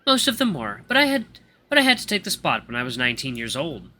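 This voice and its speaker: A man voicing a young male wolf grandmaster who lectures in a calm, monotone way. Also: medium pitch, quick pace. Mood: cool.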